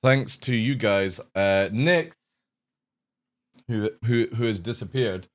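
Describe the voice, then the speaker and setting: A man hosting his own live stream in a relaxed, rambling way, chatting to viewers and laughing at his own jokes. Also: on the low side, takes it slowly. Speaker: streamer and show host. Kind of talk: casual live stream chat.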